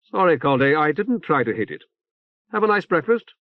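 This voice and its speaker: A man voicing a severe female general who speaks in a brisk, commanding way. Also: on the high side, sing-song, no echo, voice pushed up. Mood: brusque. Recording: tinny phone-like band.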